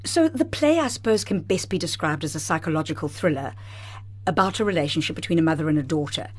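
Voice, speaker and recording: Female theatre director guest, slightly low voice, warmly enthusiastic and animated delivery, studio microphone. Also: quick pace, breathy edge. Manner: enthusiastic, expressive, laughs often. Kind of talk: radio interview guest. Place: radio studio.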